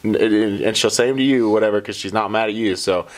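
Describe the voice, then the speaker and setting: A man hosting a podcast in casual chat, telling a story in a lively way and acting out what others said. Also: on the low side, fast talker. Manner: animated storyteller who acts out quoted dialogue. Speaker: podcast host.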